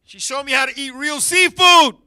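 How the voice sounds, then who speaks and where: A man hosting a talk show in a studio, telling a comedic story with loud bursts and laughing asides. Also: extremely high pitch, normal speed. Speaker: podcast host.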